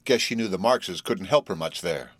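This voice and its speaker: A man's voice: low-pitched, lively intonation, moderate pace, no room sound. A man playing a jovial, slightly tipsy middle-aged businessman who talks in a hearty, coaxing, stubborn way.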